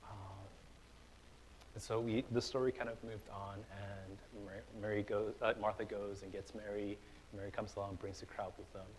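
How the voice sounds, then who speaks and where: A young man preaching a sermon in a church, conversational and relaxed, with fillers and restarts, rising to loud, emphatic stretches. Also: on the low side, moderate pace, slight background noise, poor audio. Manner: casual, conversational preaching with fillers and repeated starts; builds to loud, emphatic passages. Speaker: pastor. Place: church hall.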